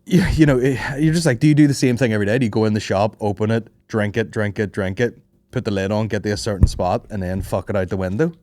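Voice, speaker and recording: A man's voice: lowish voice, fast talker, darkish tone. A young man, hosting a podcast and telling rambling, profane comic stories with frequent laughs. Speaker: podcast host. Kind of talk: casual comedic storytelling.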